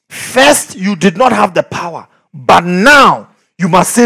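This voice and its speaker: A middle-aged man preaching a sermon, swinging from shouts down to near whispers. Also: high voice, sing-song, moderate pace, gravelly, hardly any pauses, slightly rough. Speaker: pastor.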